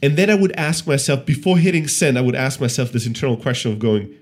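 A man in his thirties co-hosting a business podcast, telling stories in a casual, animated way. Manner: animated storyteller, lively pitch, quick restarts. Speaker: podcast co-host.

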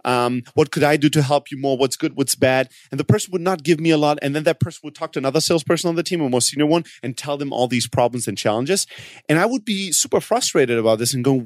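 Halting, excitable male podcast host. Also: on the high side, dry recording. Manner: halting, with many restarts, and animated outbursts when quoting himself. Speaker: podcast co-host, company founder. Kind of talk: casual conversation.

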